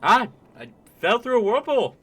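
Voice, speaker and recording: A man's voice: extremely high pitch, sing-song, normal speed, fairly bright tone, slightly rough, voice pushed up, full character voice. A man voicing a boisterous, overfriendly male stranger from the elemental plane of water, with a put-on Canadian-sounding accent and a habit of ending lines with "eh". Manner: tags sentences with "eh", overly friendly.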